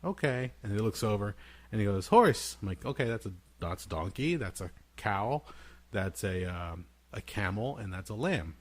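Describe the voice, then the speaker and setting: A man co-hosting a casual podcast, telling lively family stories and imitating his young son in a high voice. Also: normal speed. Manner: animated storyteller, acts out his toddler son in a high voice. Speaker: podcast co-host. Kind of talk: casual chat, storytelling.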